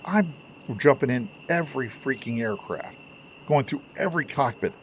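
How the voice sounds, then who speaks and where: Animated middle-aged man telling war stories. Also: mid-range voice, normal speed, a little hiss or hum. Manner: animated, emotional retelling with swearing and restarts. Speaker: Navy veteran telling his own stories. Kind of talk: casual personal storytelling.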